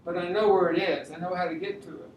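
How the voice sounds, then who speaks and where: A man's voice: high voice, steady tone, quick pace. Art teacher, male, talks his steps aloud mid-sketch; echoey room, distant mic. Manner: thinks aloud step by step while drawing. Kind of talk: drawing demonstration lesson. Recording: roomy echo, mic at a distance, faint room noise.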